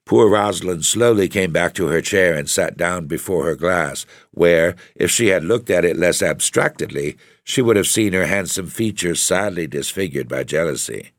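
A man narrating a gothic story with a measured, deliberate reading. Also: deep voice, expressive, dry recording, clean studio sound. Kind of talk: scripted narration of a gothic tale.

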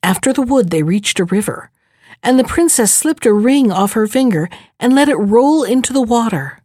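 Brief: female storyteller reading a fairy tale, higher voice, dry close sound. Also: lively intonation, moderate pace, a little mellow, dry recording.

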